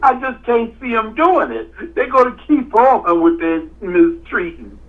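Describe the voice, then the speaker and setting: A man's voice: high-pitched, very animated, a little slow. A man co-hosting a podcast, talking earnestly in casual chat and laughing often. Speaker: podcast co-host. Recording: dull lo-fi sound.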